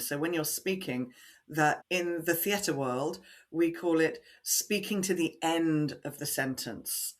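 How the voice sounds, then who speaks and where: A woman voice coach in a podcast interview, explaining techniques in a deliberately resonant, measured way and guiding listeners through breathing exercises. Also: low voice.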